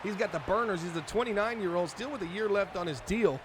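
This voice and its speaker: A man's voice: sits high, quick pace, crowd noise, background noise. A man casually commentating his own football video game on a live stream, chatting play by play like a fan of his team. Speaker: streamer playing a football franchise mode. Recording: game music playing behind voice. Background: video game music and sounds.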